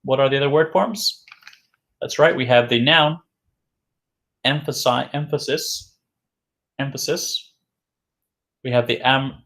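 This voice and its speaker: Man slowly drilling English vocabulary. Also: medium pitch, a bit bright. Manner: slow, repetitive, drills each word several times; asks questions and answers them himself. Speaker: English teacher. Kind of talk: recorded vocabulary lesson.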